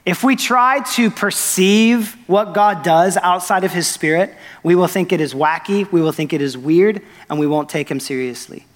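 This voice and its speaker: A young man delivers a sermon in an earnest, animated way. His voice sits somewhat high for a man. It rings out with the long reverb of a church sanctuary. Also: moderate pace, hardly any pauses. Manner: earnest, excited, animated retelling with quoted dialogue. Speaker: pastor. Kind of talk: sermon storytelling.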